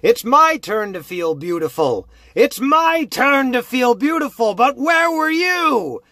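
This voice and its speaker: A man voicing a deranged young woman with an axe, who taunts in a shrill sing-song and shrieks in rage. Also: lively intonation, moderate pace, dry recording, close to an everyday voice. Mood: shrieking rage.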